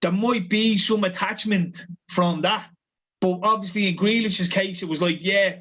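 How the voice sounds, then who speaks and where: A man's voice: high voice, fairly even intonation, unhurried, a bit bright, dull audio. An Irish man co-hosting a casual football chat, swearing freely and talking animatedly. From Ireland. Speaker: co-host.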